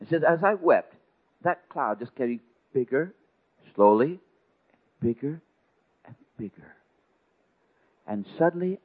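Male preacher, mid-pitched, dramatic storytelling sermon, thin lo-fi recording. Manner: dramatic, swings from hushed to loud. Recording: tinny phone-like sound.

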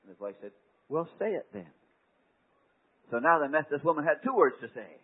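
Husky preacher guy, kinda high voice, goes from quiet to big loud bursts, sounds like an old tinny tape. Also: lively intonation, quick pace. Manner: dramatic, swings from hushed to loud exclamations. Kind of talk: sermon storytelling. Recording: tinny phone-like recording.

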